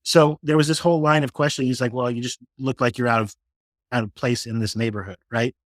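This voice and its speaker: A middle-aged man from Florida talks through his personal stories as an interview guest. His voice sits at an ordinary middle pitch, recorded close and dry with no room sound. He slips into the voices of the people in his stories and often restarts his sentences. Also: fast, no room sound. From Florida, USA. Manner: animated storyteller who acts out quoted dialogue, frequent restarts. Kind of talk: casual storytelling interview.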